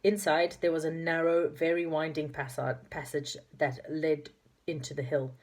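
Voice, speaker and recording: Woman reading a kids storybook, low pitched, kinda stumbles now and then. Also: level tone, moderate pace. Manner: unpolished reading with slips and self-corrections. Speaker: narrator. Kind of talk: reading a children's storybook aloud.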